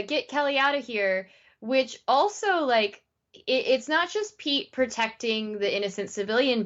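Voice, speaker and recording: A woman co-hosting a podcast, recapping a TV episode in a casual, animated way with lots of fillers. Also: a little high, dull audio. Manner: animated retelling, many "like" fillers. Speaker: podcast co-host.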